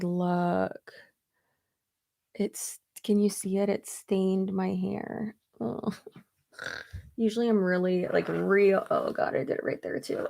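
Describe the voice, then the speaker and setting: A woman's voice: mid-range voice, creaky, a little mellow. A young woman chatting casually while getting ready for her day, rambling and laughing often. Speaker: beauty vlogger. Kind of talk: casual get-ready-with-me chat.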